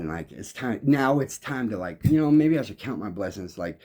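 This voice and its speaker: Guy with a lowish mellow voice just rambling, cussing a lot, keeps restarting his sentences. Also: very animated, fairly quick, few pauses. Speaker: musician. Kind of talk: rambling monologue.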